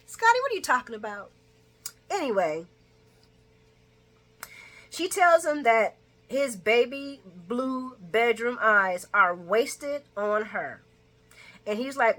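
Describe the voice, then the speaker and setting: Chatty woman host, bright voice, casual recap with frequent laughs and quoted lines. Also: big pitch swings, slow, long pauses. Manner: chatty, laughs often, acts out characters' lines in a higher voice. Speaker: soap opera recap vlogger.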